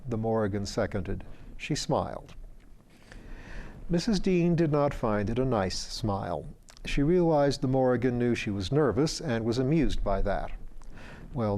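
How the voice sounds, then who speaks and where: A man reading a fantasy story aloud in a measured, dryly wry narration. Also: lowish voice, expressive, warm tone. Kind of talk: audiobook narration.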